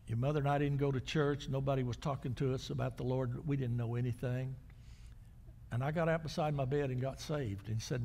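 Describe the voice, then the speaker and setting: An older male pastor preaching a sermon, telling stories and moving between loud, raised lines and quiet, hushed ones. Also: medium pitch, long reverb tail. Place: church sanctuary.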